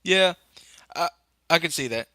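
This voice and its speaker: A young man hosting a casual tech podcast over a phone live stream, rambling with many fillers and bursting into excitement about phones. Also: fairly high pitch, unhurried, no room sound. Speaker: podcast host.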